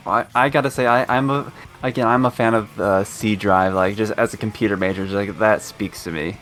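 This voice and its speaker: A man's voice: fairly low pitch, fairly quick, fairly bright tone, soft background music. A young man co-commentating a live esports tournament, easygoing and enthusiastic, laughing along with his partner.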